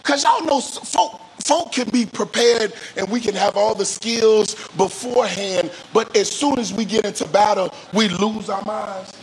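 High-voiced man preaching call-and-response. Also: slightly rough, rough recording. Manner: call-and-response preaching, drawn-out emphatic phrases; repeats words and restarts mid-phrase. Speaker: pastor. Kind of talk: sermon.

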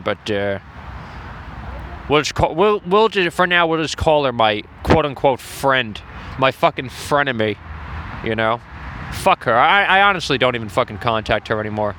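A man's voice: mid-range voice, animated, normal speed, sharp tone, slight background noise. A man giving crude, profane running commentary from the stands of a lacrosse game outdoors. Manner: profane ranting, frequent swearing. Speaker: host.

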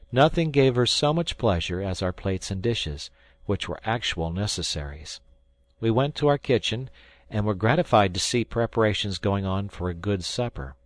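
A man reading a first-person story aloud in measured storytelling. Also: lowish voice, no room sound. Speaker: audiobook narrator. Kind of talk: scripted first-person narration.

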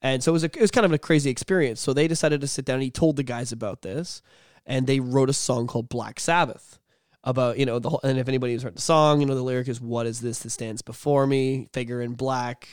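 A man's voice: mid-range voice, quick pace, clear, resonant tone, dry recording. Casting: male podcast host, loose storyteller, salty language, dry close-miked sound, mid-range voice. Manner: rambling, profane, laughs often. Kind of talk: casual storytelling chat.

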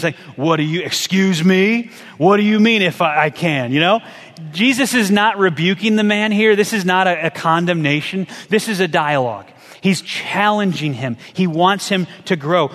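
A man preaching a sermon as a pastor, conversational and animated, firing off rhetorical questions. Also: high-pitched, long reverb tail.

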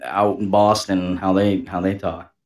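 A man co-hosting a podcast, talking casually in a halting way with many restarts. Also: low-pitched, little pitch movement, a little mellow. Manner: halting, full of "you know" and restarts. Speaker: podcast co-host. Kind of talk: casual chat.

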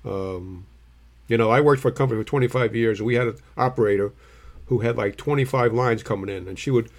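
A man's voice: mid-range voice, fairly quick. Middle-aged man, blunt storyteller, casual co-host. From New Jersey. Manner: blunt, storytelling, swears freely. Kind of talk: casual chat.

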